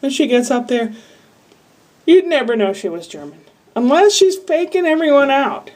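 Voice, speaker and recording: A woman's voice: sits high, very animated, moderate pace, darkish tone. A woman from Iowa talking to camera in a casual, rambling, candid diary-style monologue full of asides. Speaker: vlogger. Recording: voice a bit far from the mic.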